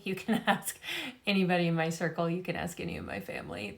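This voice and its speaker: A woman's voice: lowish voice, very animated, quick pace, gravelly. A middle-aged woman speaking to camera in a casual vlog about faith. She talks earnestly and rambles with many fillers, and she is tired after a migraine. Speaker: vlogger.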